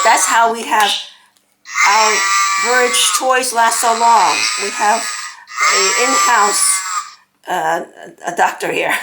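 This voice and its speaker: A woman narrating a casual home video, excitable and cooing baby talk to her pet bird. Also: medium pitch, heavy background noise. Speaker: pet vlogger. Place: at home indoors.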